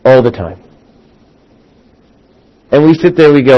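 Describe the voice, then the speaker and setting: A middle-aged man preaching a sermon as a pastor, acting out quoted voices and swinging from loud emphasis to hushed asides. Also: medium pitch, animated, a little slow, lo-fi sound.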